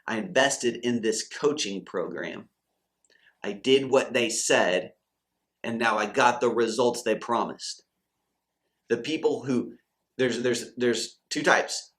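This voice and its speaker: A man's voice: medium pitch, slow pace, fairly bright tone. A man giving a motivational faith talk to camera as a Christian coach and channel host, fired-up and preachy, acting out quoted doubters and believers.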